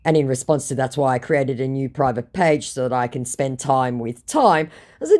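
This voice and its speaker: Dark-voiced sarcastic Australian woman. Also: extremely low pitch, lively intonation, normal speed. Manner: sarcastic, reads both sides of chats aloud. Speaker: scambaiter reading out chats. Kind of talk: casual narration reading chat messages.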